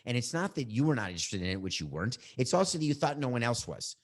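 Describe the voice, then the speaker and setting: A middle-aged man hosting a sports podcast, giving his opinions in a combative, animated way and bantering with his producer. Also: medium pitch, fast talker.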